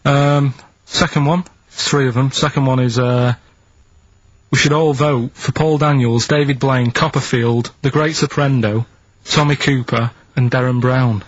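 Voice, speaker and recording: A man reading out quiz clues on a radio show in a studio, in a plodding, rambling, deadpan way. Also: mid-range voice, measured pace, no echo. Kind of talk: casual radio banter. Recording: dull dry lo-fi radio broadcast.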